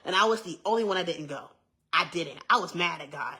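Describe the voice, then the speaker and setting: A woman's voice: on the low side, expressive, fairly quick, bright, forceful tone. A young adult woman giving an earnest, emphatic personal testimony in a casual way, repeating herself and adding asides. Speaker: vlogger sharing a testimony.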